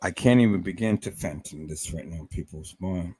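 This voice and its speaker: A man hosting a livestream, talking emotionally and stammering, with words repeated, agitated outbursts and soft trailing off. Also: sits low, moderate pace, husky, dry recording. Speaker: livestream host.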